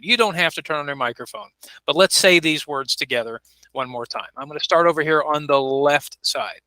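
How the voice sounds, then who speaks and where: A man's voice: a little high, bright, forceful tone, dry recording, rough recording. A man teaching an online English class, patiently repeating words and modeling pronunciation on a video call. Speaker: ESL teacher. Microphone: computer mic on a video call.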